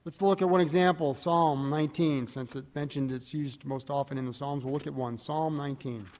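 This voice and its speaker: Casting: man preaching, fairly high voice, long hall reverb, reads verses with lift. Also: fairly even intonation, brisk, a little mellow. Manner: reads scripture aloud with rising emphasis, digresses and corrects himself. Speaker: pastor. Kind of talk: sermon.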